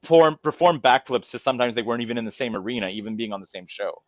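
Talking very fast and animated, a medium-pitched man co-hosts a podcast, chatting casually about wrestling. He rambles with plenty of fillers and restarts, and the lo-fi recording has no room sound.

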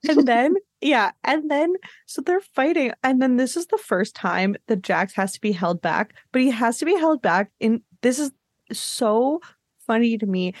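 A woman's voice: on the high side, a little slow, no echo, studio quality. A woman co-hosting a podcast, making wry jokes in casual recap chat. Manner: wry, joking, laughs along. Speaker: podcast co-host.

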